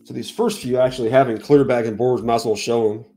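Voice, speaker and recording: Man, livestream host, easygoing casual chat, mid-pitched voice, faint background music. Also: fairly even intonation, fast talker, mellow. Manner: easygoing, greets viewers.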